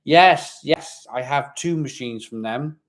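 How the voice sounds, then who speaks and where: A man's voice: medium pitch, slow. A man from Barry in Wales with a Welsh accent, chatting casually as host of a live stream, rambling and repeating himself, with a slight growl at the back of his voice. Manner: chatty, rambling, reads viewer comments aloud, repeats himself.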